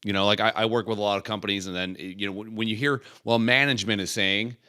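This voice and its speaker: A man with a low but bright, forceful voice talks casually on a podcast, joking bluntly and asking questions. The sound is dry and close. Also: fairly even intonation, fast talker, no room sound. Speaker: podcast co-host. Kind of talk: casual chat.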